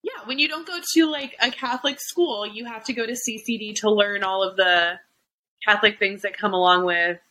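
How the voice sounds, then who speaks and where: A woman's voice: mid-range voice, fairly quick, pushed and bright, rough recording. A young adult woman hosting a podcast, chatting casually with lots of fillers and restarts. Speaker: podcast host. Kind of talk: casual chat.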